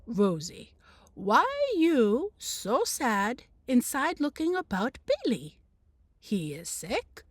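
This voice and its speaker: A woman voicing a calm, blunt old grandmother in a storybook read-aloud, speaking in plain, broken phrases as she coaxes. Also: a little high, slow, husky, dry recording, full character voice. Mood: gently probing.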